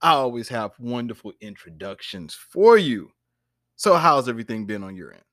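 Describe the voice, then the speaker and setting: A man's voice: medium pitch, no room sound. Guy hosting a podcast, bouncy up-and-down voice, dry sound, laughs a lot. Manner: animated, flustered, quick to laugh. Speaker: podcast host. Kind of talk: casual podcast chat.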